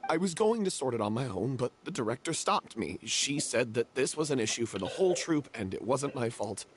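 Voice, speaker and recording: A man's voice: mid-range voice, sing-song, a little fast, husky. A man voicing a remorseful young theater troupe member in a game cutscene, confessing with guilt and self-reproach. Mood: regretful.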